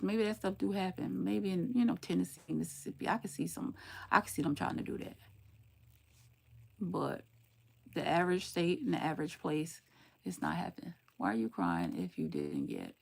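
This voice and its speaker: Blunt gravelly grandmother on a livestream. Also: lowish voice, normal speed, long pauses. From southern United States. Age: older. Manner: blunt, scolding, sarcastic warnings with lively swings. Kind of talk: live-stream chat, answering comments.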